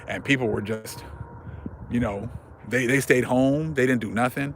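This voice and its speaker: A man's voice: mid-range voice, normal speed, noisy background. A man hosting a religious commentary vlog, speaking fervently in casual slang and repeating himself for emphasis. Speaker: vlog host.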